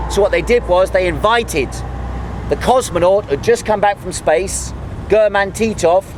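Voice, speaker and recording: A man's voice: high-pitched, noisy background. A man guiding a tour outdoors, giving an anecdotal history lecture sprinkled with jokes. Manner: lively, anecdotal, jokey.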